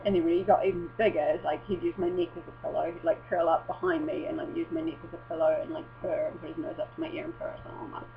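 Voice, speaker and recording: A woman's voice: deep voice, level tone, fast talker, vocal fry, hardly any pauses. Woman, casual vlog chat, rambling, swears a lot, muffled lo-fi recording, faint mains hum. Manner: rambling, sweary and self-interrupting. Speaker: vlogger.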